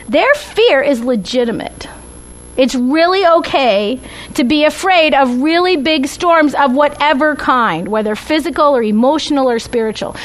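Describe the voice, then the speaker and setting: Woman with a high voice giving a bible study talk, chatty, keeps asking "right?". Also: a bit bright, rough recording. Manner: conversational, tags points with "right?" and "okay?". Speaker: Bible teacher. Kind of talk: Bible study lecture with slides.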